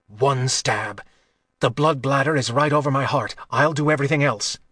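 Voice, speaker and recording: A man's voice: medium pitch, moderate pace, fairly bright tone, breathy edge, dry recording, studio quality. A man doing a defiant young assassin in disguise. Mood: urgent.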